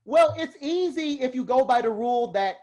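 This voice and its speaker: A man giving a casual lecture to a live class on heraldry, chatty and self-deprecating, quick to laugh at himself. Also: very high-pitched, lively intonation, darkish tone.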